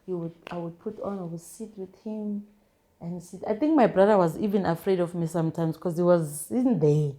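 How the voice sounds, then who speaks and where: A young South African woman telling a personal testimony as an interview guest, in a halting, hesitant way full of restarts and repeated words. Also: fairly low pitch, mellow. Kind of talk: emotional first-person storytelling.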